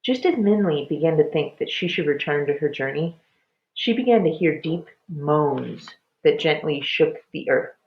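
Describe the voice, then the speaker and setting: A woman reading a children's chapter book aloud with expressive storytelling. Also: low voice, normal speed. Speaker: storybook reader. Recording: dull lo-fi recording.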